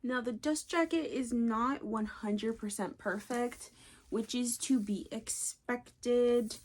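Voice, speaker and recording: A woman talking casually in a book unboxing vlog, gushing with excitement and often dropping to a breathy whisper. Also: on the high side, takes it slowly. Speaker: book vlogger.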